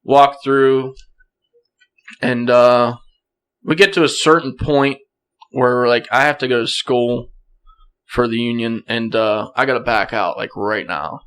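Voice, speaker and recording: With a medium-pitched voice and an unhurried delivery full of pauses, a young podcast guest recounts a hunting trip. He's casual and animated, frequently laughing and clearing his throat.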